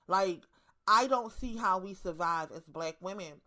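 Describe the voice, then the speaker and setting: A woman's voice: medium pitch, measured pace, pushed and bright. A woman in her thirties with a Baltimore accent, talking bluntly and profanely to her viewers in a casual monologue, hammering her points with repetition. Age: 30s. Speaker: online commentator.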